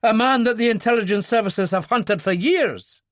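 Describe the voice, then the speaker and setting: A man's voice: sits high, moderate pace, fairly bright tone, dry recording, studio quality, pitched above the performer's own voice. A man voicing a stiff, indignant British intelligence official with a prickly manner.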